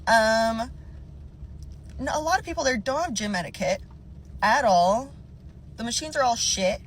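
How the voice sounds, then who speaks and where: A woman's voice: fairly high pitch, animated, unhurried, slight background noise. A woman venting as a casual rant from her car, exasperated and profane, mocking what the staff told her. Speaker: gym member venting.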